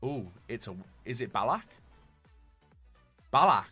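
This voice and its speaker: A man giving gaming commentary as he opens packs, excitable, dropping to low muttering and then bursting into shouts. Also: unhurried, husky, soft background music. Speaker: gaming YouTuber. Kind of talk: pack-opening gaming commentary.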